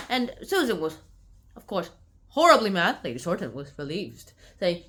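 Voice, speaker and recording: A woman talks through a book summary in a loose, unscripted way, stumbling and restarting as she goes. Her voice sits fairly high and swoops around a lot. She slips into quick acted-out lines for the characters. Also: sing-song, fairly bright tone. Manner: rambling, with many "like"s and restarts; acts out characters' lines with big jumps in pitch. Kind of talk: casual spoken book summary.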